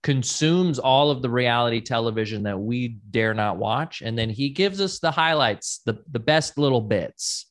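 A man's voice: mid-range voice, expressive, moderate pace, few pauses. A man hosting a podcast in casual chat, introducing a co-host and reacting with short agreements.

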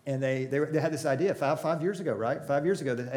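A man's voice: medium pitch, fast, few pauses, a little mellow, slight background noise. A middle-aged man preaching a sermon in a church auditorium, telling stories with jokes and asking the audience questions. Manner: joking, crowd-engaging storytelling. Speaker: pastor.

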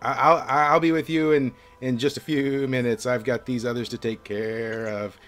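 A man's voice: mid-range voice, steady tone, moderate pace, fairly bright tone, voice pushed up, lightly acted. A man voicing an odd, cautious male satyr shopkeeper in a tabletop game, speaking hesitantly with stammers. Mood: quizzical.

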